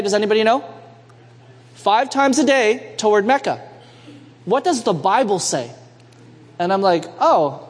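Young male preacher, high voice, lively storytelling, church hall reverb. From Canada. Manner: lively storyteller, asks the congregation for amens. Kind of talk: sermon storytelling. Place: church sanctuary.

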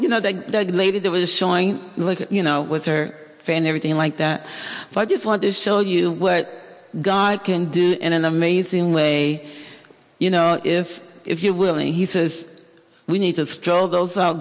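Man, testimony speaker, high voice, lively storytelling, restarts, big reverberant hall. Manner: animated storytelling with fillers and restarts. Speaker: church member giving testimony. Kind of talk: personal testimony.

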